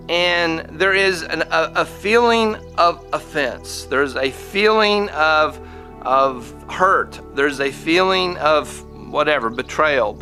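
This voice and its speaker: A man's voice: on the high side, sharp tone. A man hosting a podcast, giving a casual spoken lesson, often restarting his sentences and acting out the quoted lines. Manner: halting, many restarts, acts out quoted lines. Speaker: podcast host.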